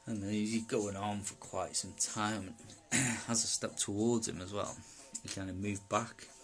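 A man from Wales recounting a personal experience in a rambling, halting way, full of fillers and asides. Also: fairly low pitch, steady tone, a bit bright, soft background music. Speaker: personal testimony speaker.

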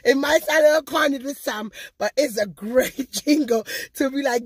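A woman's voice: on the high side, lively intonation, unhurried, slightly rough, no room sound. A talkative woman hosting her own vlog, chatting casually and directly to her viewers. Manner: chatty, talkative, loves to gab. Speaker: vlogger and channel host.

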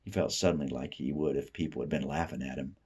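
This reader, a man from Appalachia in the United States, moves quickly through a short story in a slightly rough voice. He reads expressively, going soft and low for the inner thoughts.

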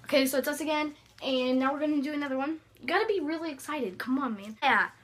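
A woman's voice: high-pitched, fast talker, a bit bright. A young woman vlogging casually, playful and bossy, giggling between lines. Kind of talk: casual comedy vlog.

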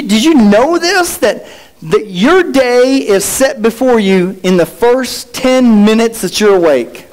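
A man's voice: sits high, low-quality recording. A middle-aged male pastor preaching a sermon with rhetorical questions and playful asides.

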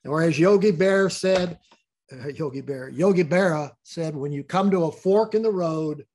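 A man's voice: on the high side, moderate pace, darkish tone. An older man talking as a guest in a casual interview, rambling and repeating words as he tells stories.

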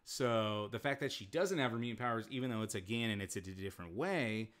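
A man streaming casual commentary, rambling and swearing often as he recaps scenes with quick voiced asides. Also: fairly low pitch, a bit bright. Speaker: streamer reviewing comics and shows.

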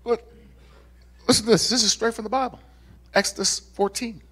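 A male pastor preaching a lively sermon to a congregation, with casual asides and laughs. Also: high voice, normal speed, husky. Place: church sanctuary.

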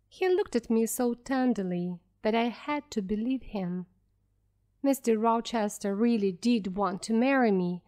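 A woman narrating a storybook for English learners in a careful, clear reading. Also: a little high, expressive, a little slow, darkish tone.

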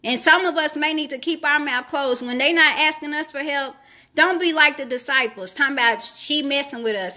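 This is sermon-style devotional teaching by a woman whose voice is high-pitched and sharp, moving at a normal speed. She reads from scripture, then comments, repeating phrases as she urges trust in God.

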